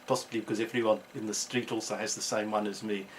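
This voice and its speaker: A man's voice: fairly low pitch, level tone, fast talker, slight background noise, natural voice, rough recording. A man voicing a genial retired South African gynaecologist with a South African accent, chatty and cheeky.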